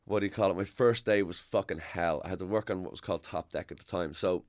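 A man's voice: low-pitched, fast talker, no room sound, studio quality. An Irish man in his forties, a podcast guest, telling rambling stories with the odd swear word. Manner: rambling anecdotal storytelling, swears. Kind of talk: casual podcast chat.

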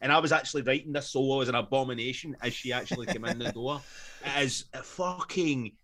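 A man's voice: medium pitch, fairly even intonation, rapid-fire, a bit bright. A Scottish man in a casual podcast chat, blunt, sweary and emphatic. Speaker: podcast co-host.

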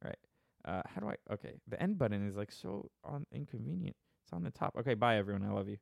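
A man's voice: medium pitch, big pitch swings, quick pace, gravelly, dry recording. A man in his thirties hosting a podcast live stream from his phone, rambling casually in a joking, sarcastic, self-mocking way with many restarts.

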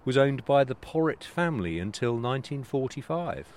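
A man's voice: mid-range voice, very animated, normal speed, darkish tone. A man co-hosting a podcast outdoors in a small park, telling playful, enthusiastic anecdotes in a casual chat. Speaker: podcast co-host.

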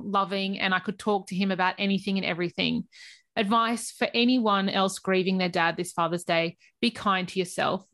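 A woman co-host reads listener messages aloud in an even, mid-pitched voice. Between readings she chats loosely and laughs easily. The recording is close and dry. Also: dry recording. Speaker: podcast co-host.

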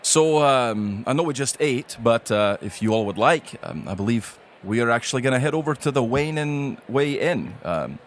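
A man's voice: mid-range voice, expressive, moderate pace, hardly any pauses, slight background noise, voice pushed up, natural voice. A man voicing a fretful dwarf king and fond father who talks hesitantly, full of ums and uhs. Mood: friendly.

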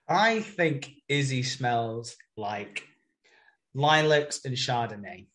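A man's voice: medium pitch, sing-song, extremely slow, fairly bright tone. A man co-hosting a podcast, casually recapping a soap episode and swearing freely. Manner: sweary, acts out characters' lines in retelling. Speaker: podcast co-host.

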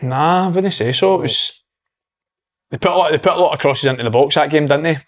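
Scottish male footballer guest, slightly high voice, fast tactical chat. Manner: explains tactics at length.

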